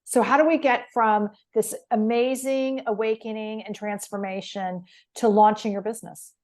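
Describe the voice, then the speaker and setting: A woman hosts a relaxed interview. She mostly listens and keeps her replies short and encouraging, then steers the talk on with a question. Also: a little high, moderate pace. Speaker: host. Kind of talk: casual interview.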